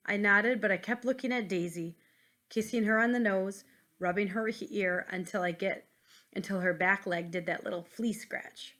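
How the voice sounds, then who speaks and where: A woman reading a children's novel aloud at home, pausing to comment gently for young listeners. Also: mid-range voice. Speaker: reader. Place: at home, with a pet dog nearby.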